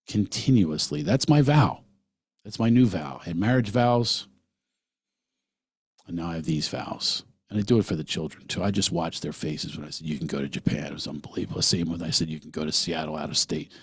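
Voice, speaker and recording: A man's voice: sits low, breathy edge, no room sound. A man hosting a solo podcast, talking earnestly and emphatically and sometimes acting out other voices. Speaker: podcast host.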